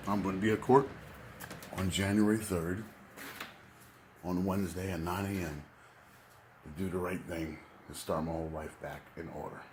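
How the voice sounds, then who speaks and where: A man's voice: low voice, moderate pace, long pauses, background noise. A man talking candidly and at length in a casual vlog, rambling and confessional.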